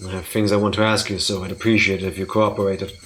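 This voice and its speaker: A man's voice: low-pitched, little pitch movement, fast, a bit bright, soft background music. A man hosting a let's play, reading a visual novel aloud with playful, joking asides.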